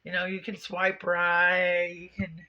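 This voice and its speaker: A woman's voice: monotone, slow pace, slight background noise. A tearful woman vlogging confessionally, blunt, profane and rambling. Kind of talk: confessional vlog. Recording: lo-fi low-quality video recording.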